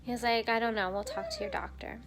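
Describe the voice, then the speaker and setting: A young woman vlogger telling a personal story in a casual, animated way, acting out what others said to her. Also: fairly high pitch, brisk. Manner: animated retelling, acting out quoted dialogue.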